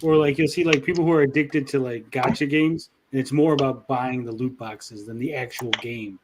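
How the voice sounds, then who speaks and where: A man's voice: medium pitch, fairly even intonation, normal speed, crowd noise. A man hosting a casual panel chat about games, rambling with lots of fillers and the odd swear. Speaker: podcast host.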